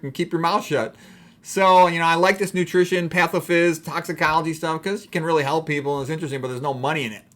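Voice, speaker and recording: Fast-talking, wry middle-aged man. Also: fairly high pitch, fairly bright tone. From Chicago. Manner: rambling, wry and frank. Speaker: doctor. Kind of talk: casual personal monologue.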